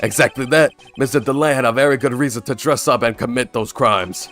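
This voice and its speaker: A man's voice: medium pitch, brisk, fairly bright tone, faint music behind, lightly acted. A man voicing a pompous, self-admiring detective in a game, delivered in a grand theatrical way. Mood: boastful. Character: pompous grandstanding male detective, middle-aged.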